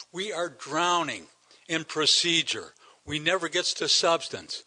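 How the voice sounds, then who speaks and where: An older man stands at a council meeting delivering an indignant public comment, hammering home rhetorical questions. His voice is bright and forceful, a touch high, and it swings widely in pitch as he presses each point. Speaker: citizen delegate at council meeting.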